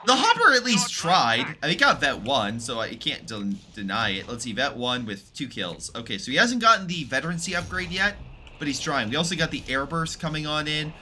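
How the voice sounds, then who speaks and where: A man's voice: mid-range voice, pushed and bright, slight background noise. A man casually commentating a strategy game replay, rambling and chatty, with many fillers and self-corrections. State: recovering from illness.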